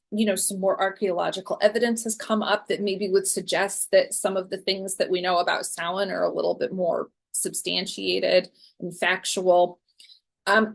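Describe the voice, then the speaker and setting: A woman's voice: mid-range voice, gravelly. A woman in her forties giving a conversational lecture as a guest speaker, chatty and loose, with frequent ums and small restarts. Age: 40s.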